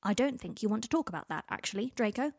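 A woman reading the lines of a blunt, defensive, quick-tempered young man. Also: medium pitch, dry recording, studio quality, close to an everyday voice.

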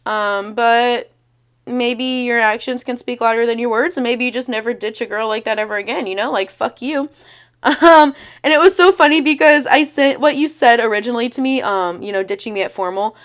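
A woman's voice: fairly high pitch, moderate pace, a bit bright. A young woman in her twenties hosting a casual storytime podcast, sarcastic and blunt, swearing freely as she reads old messages aloud. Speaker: podcast host.

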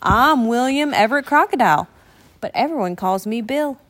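A woman's voice: fairly high pitch, lively intonation, normal speed, a bit bright. Woman doing an eager young crocodile.

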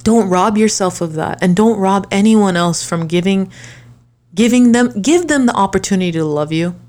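A woman talking straight to her viewers in an earnest, emphatic motivational monologue, full of rhetorical questions and restarts, slowing down for key lines and rushing through asides. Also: medium pitch, darkish tone. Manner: swings between slow deliberate lines and quick asides. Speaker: online creator. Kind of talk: impassioned motivational talk to viewers.

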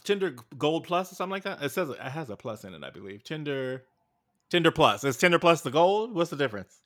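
A man co-hosting a podcast, sassy and animated in casual chat, quick to call people names. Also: a little high. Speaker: podcast co-host.

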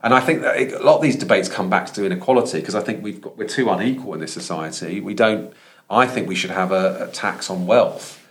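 A man's voice: low-pitched, a little fast. A man from London with a Thames Estuary accent, a professor speaking as a guest on a podcast, earnest and thinking aloud with frequent restarts. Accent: Thames Estuary English. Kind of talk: conversational podcast interview.

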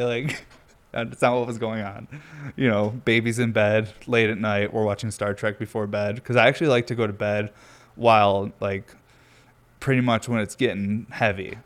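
A man's voice: fairly low pitch, fairly even intonation, a little fast. A young man telling a rambling, laid-back story in casual chat, swearing freely and filling his talk with "like". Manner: rambling, loose, laid-back, swears a lot, heavy use of "like". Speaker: vlogger. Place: at home near a garage, windy outside.

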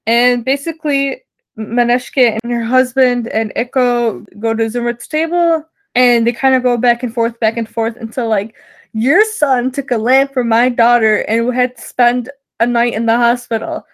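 A woman's voice: a little high, normal speed. A young woman co-hosting a podcast, giggling as she recaps a show in casual chat and acts out the characters' lines. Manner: giggly, animated storytelling with acted quotes. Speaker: podcast co-host.

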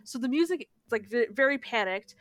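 A young woman cohosts a casual podcast, telling a story with lots of swearing and quick acted-out lines of dialogue. Her voice sits a little high, and the sound is dry and close, with no room echo. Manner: animated storytelling, swears a lot, acts out dialogue. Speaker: podcast co-host. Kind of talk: casual chat.

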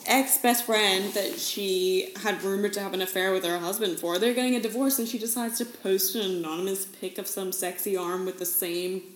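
A woman co-hosting a podcast from Australia, chatting casually, animated and swearing freely, acting out quotes. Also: medium pitch, normal speed, few pauses, a little hiss or hum. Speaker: podcast co-host. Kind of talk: casual chat. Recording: echoey room.

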